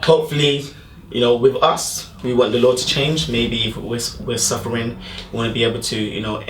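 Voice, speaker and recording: A man's voice: mid-range voice, little pitch movement, a little fast, reverberant, far from the mic, a little hiss or hum. A man hosting a casual interview, prompting his guest to tell a story. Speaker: host.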